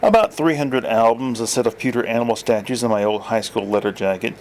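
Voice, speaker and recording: A man's voice: mid-range voice, a little fast, darkish tone, slight background noise, close to an everyday voice. Man voicing a jumpy, mild-mannered fellow. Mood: understated.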